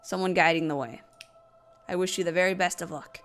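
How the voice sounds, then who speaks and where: Calm kind preacher voiced by a woman, measured and soothing, lowish voice, faint music underneath. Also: close to an everyday voice. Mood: consoling. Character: gentle, devout preacher offering comfort.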